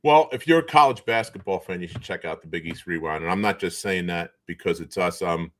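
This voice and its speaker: Speaking low and a little fast, this middle-aged Boston guest spins stories during a relaxed video call. He's an animated narrator who performs the voices of whoever he's quoting.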